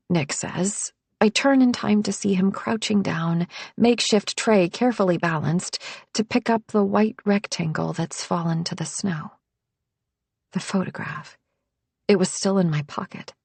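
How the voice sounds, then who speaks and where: A woman narrating a first-person thriller audiobook in a hushed voice that often drops to a whisper. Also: on the low side, measured pace, gravelly, breathy edge, no room sound.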